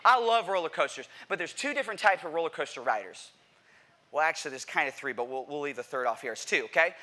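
A man preaching a sermon to a church congregation, animated and playful, asking the crowd questions and acting out what people say. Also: fairly high pitch, fast. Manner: animated, playful, acts out quotes; addresses congregation directly with questions. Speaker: pastor. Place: church sanctuary.

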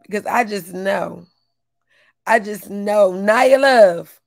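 A woman's voice: mid-range voice, takes it slowly, gravelly, no echo. Fired-up woman ranting on a livestream. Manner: loud, profane, laughing rant, greets chat by name. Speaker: livestream host. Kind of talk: profane livestream rant.

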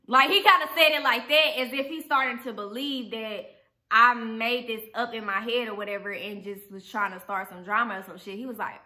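Profane, animated storytelling woman. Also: on the high side, moderate pace. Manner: animated, profane, addresses viewers directly. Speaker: vlogger. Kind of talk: storytime vlog.

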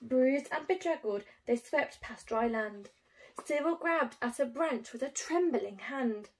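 A woman teacher reads a rhyming picture book aloud to small children. She has a high voice and a slow, unhurried pace, and she delivers the verse in an expressive, sing-song way.

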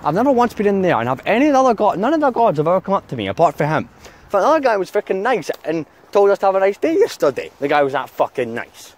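A man talks casually to the camera out in town, his slightly high voice swinging up and down as he vents. He swears constantly. Faint street noise sits behind him. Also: sing-song, very fast. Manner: angry swearing rant. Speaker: vlogger. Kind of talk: casual vlog chat.

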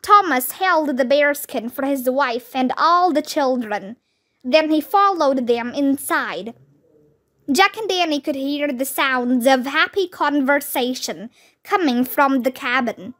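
A woman reading a children's chapter book aloud in a steady, clear storytelling way. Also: sits high, takes it slowly. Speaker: read-aloud narrator.

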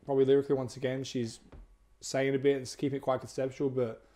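A man's voice: medium pitch, level tone, fast talker, warm tone. A young man co-hosting a music reaction review, talking in a laid-back, tired way and swearing casually.

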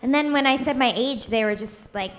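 A woman's voice: sits high, a little fast, heavy background noise. A woman voice actor telling a playful, self-mocking anecdote on a convention panel. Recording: convention hall with audience.

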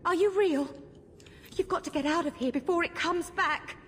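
A woman's voice: very high voice, moderate pace, in a large hall, slight background noise. An actress voicing a terrified young woman trapped in a haunted house, pleading in panic in a video game. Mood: frightened.

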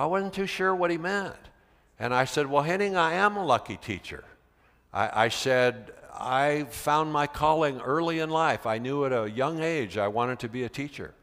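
A man from the United States, a veteran teacher giving a conference talk, telling a classroom story and acting out the dialogue. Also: medium pitch. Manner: animated storyteller, acts out quoted dialogue. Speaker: keynote speaker, veteran teacher. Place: large convention center hall. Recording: long reverb of a large hall.

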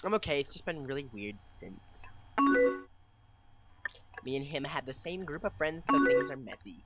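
A man's voice: medium pitch, animated, normal speed, loud music behind the voice. A young man giving playful, swearing gameplay commentary, reading chat lines aloud and reacting with mock drama. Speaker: let's play gamer. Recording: loud keyboard typing behind voice.

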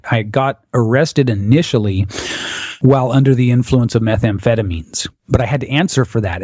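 A man's voice: medium pitch, a little mellow, dry recording. A man from the United States, a guest on an interview podcast, telling a vivid personal story and acting out what others said. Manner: vivid storyteller who chuckles and acts out quotes. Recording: dull, dry lo-fi audio.

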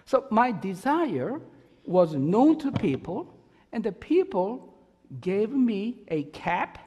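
A man preaches a sermon in a fairly high, animated voice, taking his time over each phrase. He is earnest and emphatic, with an other than English. The church hall around him rings with long reverb. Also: slow, slightly rough. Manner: earnest, emphatic, with rising bursts of energy. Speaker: pastor. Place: church sanctuary.

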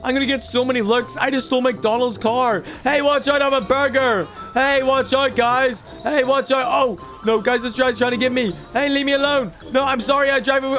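Gaming commentary comes from a man doing a high, squeaky toddler voice. His character is a mischievous little boy, excitable and greedy, and the chatter stays excitable throughout.

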